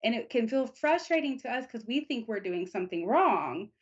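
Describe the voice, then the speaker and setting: A woman psychic talks through a reading in a gentle, reassuring voice that sits a little high. She takes her time and keeps the tone calm and soft. The audio is dull and lo-fi, like a stream recording. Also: normal speed. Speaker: psychic reader. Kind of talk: live psychic reading on internet radio.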